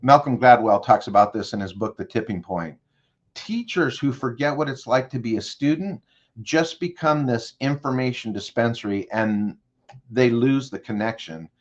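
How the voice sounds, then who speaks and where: A man's voice: mid-range voice, moderate pace, muffled recording. A male consultant in an interview, walking the host through an imagined scenario and checking in with direct questions. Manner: leads the listener with direct questions. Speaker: guest consultant. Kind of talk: guided storytelling in an interview.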